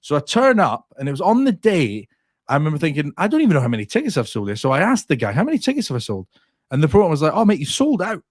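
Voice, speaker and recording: A Scottish man tells a story in casual chat, his voice sitting a little high and swinging widely as he goes. He swears freely and keeps the tale moving. The sound is dry and close. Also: rapid-fire, dry recording. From Scotland. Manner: animated, sweary anecdote telling. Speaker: comedian guest.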